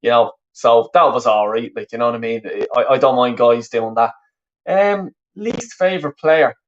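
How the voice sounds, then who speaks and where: A man's voice: medium pitch, moderate pace, lo-fi sound. A man with a Dublin Irish accent, originally from the west of Ireland, chatting casually and swearing freely while commentating live on a football match and reading out viewers' comments. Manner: chatty, rambling, frequent swearing and restarts. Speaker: football watch-along streamer. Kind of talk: live watch-along commentary.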